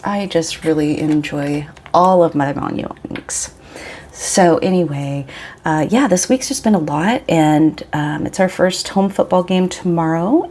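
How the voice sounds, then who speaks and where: Her voice is on the low side and gravelly, a touch mellow, with a little hiss or hum in the audio. This Pacific Northwest woman in her forties rambles chattily through an ink-swatching session for her vlog, often breaking off mid-thought.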